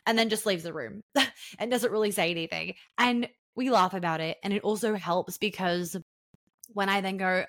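A woman's voice: medium pitch, normal speed, no room sound, studio quality. A young woman talking casually and frankly on a podcast, acting out the voices of people she quotes. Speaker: podcast guest.

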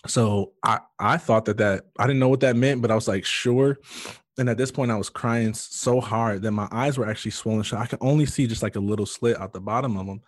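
A man with a fairly low voice tells his story earnestly, full of fillers and false starts. The sound is dry and close, with no room around it. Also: fairly even intonation, fast talker, hardly any pauses, no room sound. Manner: earnest, emotional storytelling with many fillers and restarts. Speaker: guest sharing his testimony. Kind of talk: personal testimony in conversation.

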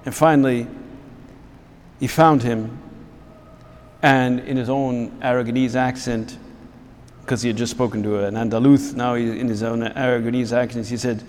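A man, a priest, gives a reflective spiritual talk to fellow priests in a voice of ordinary middle pitch. He pauses to search for words and restarts his phrases. His voice carries with a long reverb, as in a large hall. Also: steady tone, a little mellow.

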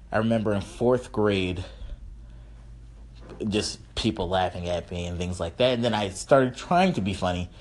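A man hosting his own podcast, rambling and self-mocking with profanity, a little tipsy. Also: darkish tone. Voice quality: slightly high, funny-sounding voice. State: slightly tipsy from drinks. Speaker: podcast host. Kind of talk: casual solo podcast monologue.

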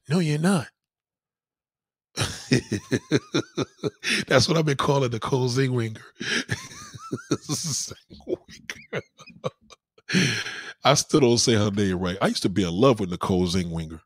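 A man talking casually as a host, his voice slightly husky and set in a dry, close recording. He rants in a loose, profane way, and his pitch leaps around as he acts out the people in his stories. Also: no room sound. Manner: animated, profane storytelling with mock-quoted voices. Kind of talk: casual chat.

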